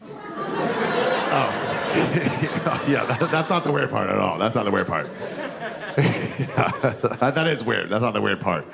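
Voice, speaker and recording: Gravelly, crude man telling stories. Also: mid-range voice, takes it slowly, long pauses, over a noisy crowd. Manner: crude, rambling and animated. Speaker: podcast host and comedian. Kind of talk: podcast sign-off, then stand-up storytelling.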